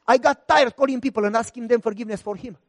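A man's voice: extremely high pitch, fast talker, in a large hall. A man preaching a sermon as a pastor, telling a story and acting out the dialogue. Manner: animated, acts out both sides of dialogues.

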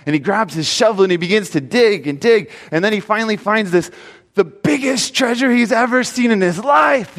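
Male pastor, animated storyteller, fairly high voice, reverberant church. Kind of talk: sermon with storytelling.

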